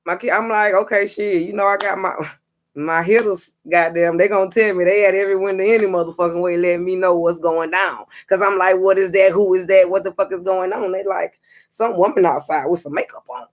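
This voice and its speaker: Profane, animated storytelling woman. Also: lowish voice, brisk. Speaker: psychic reader and vlogger. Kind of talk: casual storytelling vlog.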